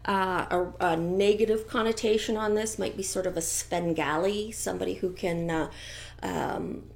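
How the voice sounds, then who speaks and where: A middle-aged woman giving a chatty, gossipy tarot reading with animated asides. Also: medium pitch. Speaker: tarot reader. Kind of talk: casual tarot reading commentary.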